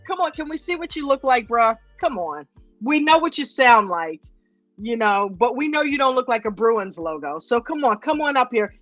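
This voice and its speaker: Lively woman stream host, animated pitch, dry dull lo-fi audio with faint music under it. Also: no echo. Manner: upbeat, greets viewers by name. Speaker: livestream host. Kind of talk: casual live stream chat.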